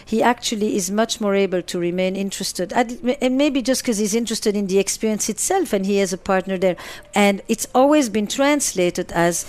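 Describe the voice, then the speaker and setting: A woman's voice: medium pitch, normal speed, darkish tone. A woman therapist answering interview questions, stressing points by repeating and listing words. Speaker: relationship therapist.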